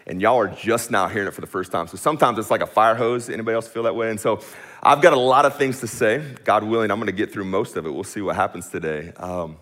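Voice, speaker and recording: A man with a somewhat low voice delivers a sermon to his congregation in a church room. He preaches with energy and a casual, friendly way of talking, dropping in "man" often. When he gets fired up, his words come quickly. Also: fairly bright tone. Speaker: pastor.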